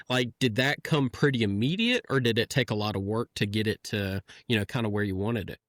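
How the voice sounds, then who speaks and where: A man's voice: mid-range voice, moderate pace, few pauses, dry recording, studio quality. A middle-aged man hosting a podcast, asking rambling questions and laughing easily. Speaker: podcast host. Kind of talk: casual interview chat.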